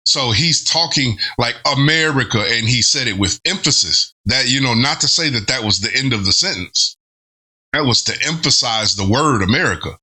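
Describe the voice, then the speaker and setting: A man's voice: mid-range voice, animated, normal speed, sharp tone, husky. A man hosting a reaction video, thinking aloud about lyrics in casual commentary, with restarts and chuckles. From not from Britain.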